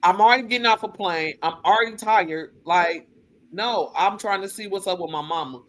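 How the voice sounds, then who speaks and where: A woman co-hosting a casual talk show, telling personal stories in a blunt, profane, lively way and acting out other people's voices. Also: mid-range voice, moderate pace. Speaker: co-host. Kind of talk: casual chat, personal storytelling.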